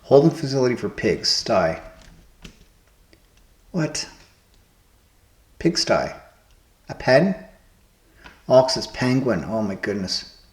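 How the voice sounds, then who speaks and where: A man's voice: medium pitch, big pitch swings, takes it slowly, long pauses. A man with a mid-range voice talks himself through word puzzles, floating guesses aloud one after another. His voice carries a noticeable room echo. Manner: musing, trial-and-error guessing of answers aloud. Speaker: host playing word puzzles. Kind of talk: casual thinking aloud while solving puzzles. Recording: roomy echo.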